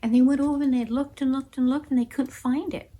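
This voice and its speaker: A woman telling a story in an expressive, animated way, acting out voices and gasps. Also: high voice, fast talker, noisy background. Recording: music playing behind.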